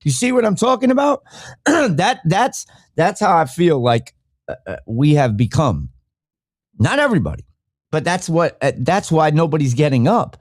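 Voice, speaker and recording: Brief: man, podcast host, fired-up profane rant, lively swinging pitch, dry close mic. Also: measured pace, no echo. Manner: heated, profane, animated. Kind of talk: ranting solo podcast talk.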